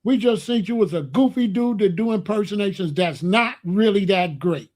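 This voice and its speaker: Man, high voice, angry ranting commentary host, blunt and slangy. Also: expressive, normal speed, darkish tone. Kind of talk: heated livestream rant.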